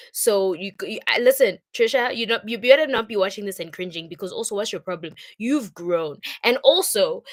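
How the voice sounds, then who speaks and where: Emotional young woman in a chatty vlog. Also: medium pitch. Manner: emotional, teary, chatty, with laughs and sudden loud bursts. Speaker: vlogger. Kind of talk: casual vlog, talking to her future self.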